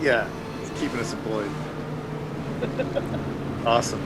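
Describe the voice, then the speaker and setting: A man co-hosting a race stream, chatty and quick to laugh and react. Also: medium pitch. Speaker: co-host. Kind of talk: casual race stream banter. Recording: noisy stream audio.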